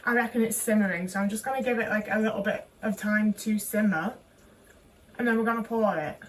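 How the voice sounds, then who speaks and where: A woman's voice: medium pitch, fairly quick, far from the mic, a little hiss or hum. A young woman chatting anxiously to the camera while cooking in her home kitchen, questioning herself and swearing often. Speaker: vlogger. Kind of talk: casual cooking vlog talk.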